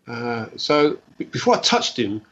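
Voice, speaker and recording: A man with a husky voice tells his stories as a guest, rambling and animated, voicing each person he quotes. His voice sits in an ordinary middle range. The recording sounds dull and lo-fi. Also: medium pitch, unhurried. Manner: rambling, animated storyteller who acts out dialogue. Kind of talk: casual storytelling.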